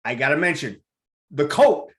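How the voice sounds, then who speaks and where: Excitable talk-show host, high voice. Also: male voice, normal speed. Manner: excited, rambling, repeats words. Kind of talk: enthusiastic casual interview.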